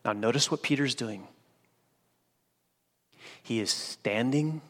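A man preaching a sermon, swinging from loud emphatic declarations to hushed, quiet lines. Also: medium pitch, slow, long pauses. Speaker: pastor. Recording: long hall reverb.

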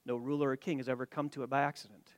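A man preaching an expository sermon to his church, stressing key words loudly and then dropping his voice low, with some stammering restarts. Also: level tone, racing, no echo. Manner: emphatic, rising to loud stresses then dropping quiet. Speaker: pastor.

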